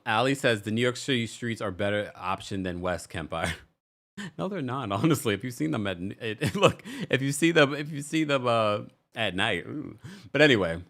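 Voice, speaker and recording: Animated man hosting a live stream. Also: fairly low pitch, moderate pace. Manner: animated, reads super chats aloud. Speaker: host. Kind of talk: casual live-stream chat.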